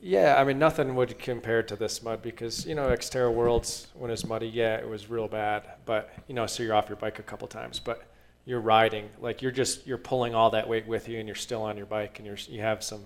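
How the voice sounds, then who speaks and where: A man's voice: fairly low pitch, fairly even intonation, brisk, gravelly. A man describing a muddy race in a rambling, emphatic way as a guest. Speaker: adventure racer, guest. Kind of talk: casual chat.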